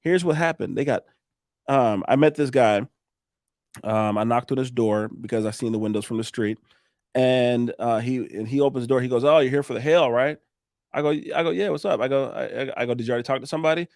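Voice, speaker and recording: Here the roofing contractor talks briskly at medium pitch, his tone on the dark side, captured dry and at studio quality. He swaps between voices to act out both ends of his sales conversations, cursing freely throughout the casual interview.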